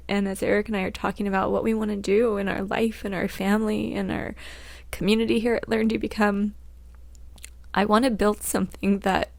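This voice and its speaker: Laughing woman podcast host, gravelly. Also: mid-range voice, dry recording. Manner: candid, laughs often, many fillers and restarts. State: choked up. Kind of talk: casual personal talk.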